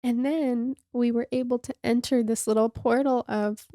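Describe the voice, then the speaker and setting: Warm, gravelly woman sharing heartfelt confessions. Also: fairly high pitch, steady tone, moderate pace, dry recording, clean studio sound. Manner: open, emotional and confessional, drifting into soft near-whispers. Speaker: podcast host. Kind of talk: candid personal storytelling.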